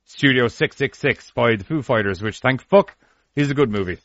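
A man's voice: medium pitch, moderate pace, fairly bright tone, no room sound, lo-fi sound. A man co-hosting a podcast about horror films, chatting casually with sarcastic, teasing banter. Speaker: podcast co-host. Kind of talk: casual movie review chat.

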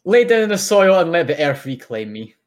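A man co-hosting a casual podcast, jokey and quick to laugh. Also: fairly high pitch, big pitch swings. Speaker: podcast co-host.

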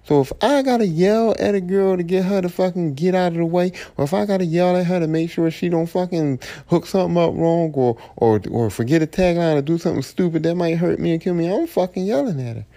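Male podcast host, gravelly and dark-toned, blunt profane AAVE rant. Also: high voice, fairly quick, few pauses. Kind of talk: solo podcast monologue.

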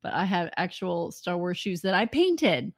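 A woman with a lowish voice, chatting as co-host. She keeps up teasing asides, and the sound is dry and close. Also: sing-song, measured pace, no room sound. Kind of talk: casual live-stream chat.

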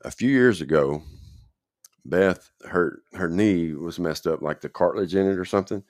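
A man's voice: low voice, moderate pace, a little mellow, no echo, studio quality. A man telling his own recovery story in a casual, rambling way, often checking in with the listener.

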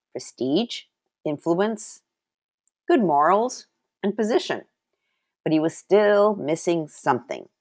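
A woman giving a sermon, reading scripture aloud and sharing her own testimony, slowing down to stress key words. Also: sits low. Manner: personal testimony mixed with Bible reading. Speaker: preacher.

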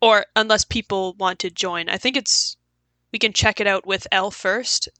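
A woman with a bright, forceful voice, recorded close and dry. She takes part in a casual tabletop game, asking questions and working out her plans aloud. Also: mid-range voice, fairly even intonation, moderate pace, no room sound. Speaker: player.

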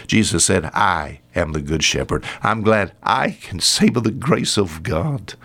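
A male preacher delivering a weekly radio sermon in an emphatic style. His pitch climbs high when he presses a point, then sinks to a low, quiet tone for the serious lines. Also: animated, measured pace, hardly any pauses.

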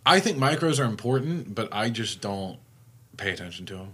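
Easy-laughing young man, lowish voice. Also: lively intonation, fairly bright tone, slightly rough. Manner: laughs easily, talks fast when explaining. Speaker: podcast co-host. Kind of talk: casual chat.

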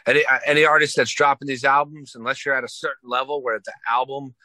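A man's voice: mid-range voice, little pitch movement, fast talker, sharp tone, dry recording. A young adult man, a musician guest, chatting casually and telling stories with swearing and laughter. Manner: loose, profane, laughing storyteller. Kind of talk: casual chat.

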